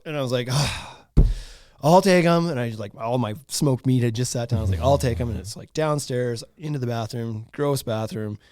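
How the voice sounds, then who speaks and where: A man, hosting a podcast and telling a story in casual chat, animated and laughing often. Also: mid-range voice, dry recording, studio quality. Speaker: podcast host.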